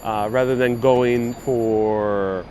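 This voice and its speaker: A man's voice: mid-range voice, fairly even intonation, drawn-out words, warm tone. A man guiding a live-streamed city bus tour, chatting casually and reading out viewer comments. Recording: faint street and traffic noise.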